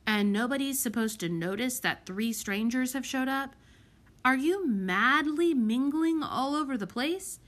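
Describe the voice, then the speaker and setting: A woman's voice: high voice, expressive, a little slow, a bit bright, pitched above the performer's own voice. A woman voicing a cautious, hesitant young boy. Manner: hesitant, careful.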